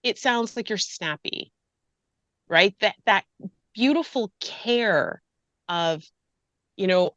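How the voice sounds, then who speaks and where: Speaking slowly with frequent pauses, this woman has a medium-pitched, fairly bright and animated voice. She is a grief and loss coach appearing as a guest in an emotional interview, earnest and passionate, almost pleading, and on the verge of tears. There's no echo, though the high frequencies are cut off.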